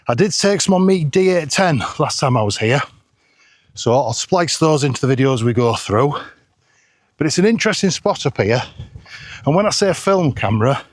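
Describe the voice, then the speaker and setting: This English photography vlogger, middle-aged and chatty, talks in a medium-pitched voice while filming outdoors on a hillside. He jokes about himself in a relaxed way, and the sound is clean and studio-quality with no echo.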